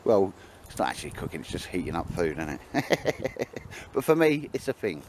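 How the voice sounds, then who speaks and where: A man's voice: sits low, very animated, moderate pace, darkish tone, a little hiss or hum. A man chatting casually to the camera while cooking outdoors, rambling and bantering with lots of tag questions. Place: outdoors in woodland.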